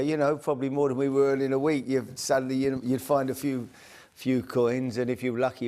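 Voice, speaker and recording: A man's voice: medium pitch, darkish tone. An older man, chattily recalling his football days in an interview. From East End of London. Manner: chatty, leans on "you know". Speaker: former footballer. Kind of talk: reminiscing interview.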